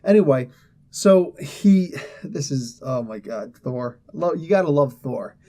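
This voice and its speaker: A man casually retelling a comic book story, animated and laughing, often slipping into the characters' voices. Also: mid-range voice, slow pace.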